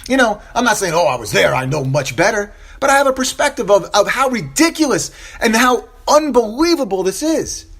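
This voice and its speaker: Agitated man with a lively, high voice. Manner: impassioned, repeats phrases for emphasis, stammering restarts. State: upset. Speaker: podcast host. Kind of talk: solo opinion podcast monologue.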